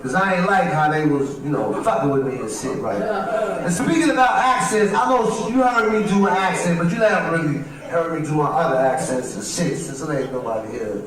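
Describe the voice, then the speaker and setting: A man's voice: on the high side, lively intonation, a little fast, few pauses, crowd noise. A man from Chicago, a comedian telling profane street stories on a livestream. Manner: profane, streetwise, repeats "you know what I'm saying". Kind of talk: livestream stand-up storytelling. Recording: very echoey, far from mic.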